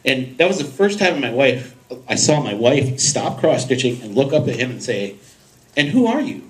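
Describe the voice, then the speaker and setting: A man's voice: medium pitch, moderate pace, poor audio. A man on a podcasting panel telling a casual story to the audience, acting out the voices of people in it and laughing often. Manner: animated, acts out voices in his anecdotes, laughs often. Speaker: podcast host on a convention panel.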